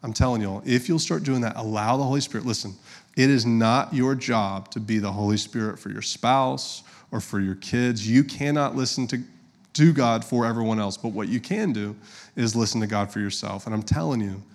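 Pastor, man in his thirties, casual storytelling sermon, middle-pitched voice. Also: normal speed. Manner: conversational, personal storytelling with direct audience address.

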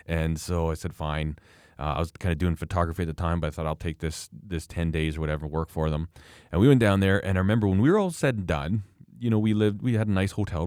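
A man's voice: low-pitched, quick pace, darkish tone, clear, resonant tone, no room sound, studio quality. A man hosting a podcast, telling long rambling stories in casual conversation with many restarts. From Canada. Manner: rambling storyteller, frequent restarts.

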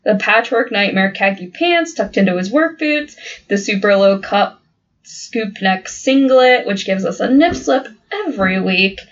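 A woman's voice: medium pitch, expressive, measured pace, lo-fi sound. A woman co-hosting a podcast in casual banter, blunt and profane, laughing often. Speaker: podcast co-host.

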